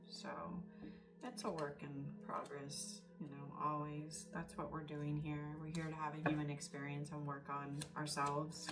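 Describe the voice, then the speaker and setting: A woman giving a casual, confiding tarot reading, emotional and tearful at times. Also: low-pitched. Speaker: tarot reader. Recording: distant mic with loud background music.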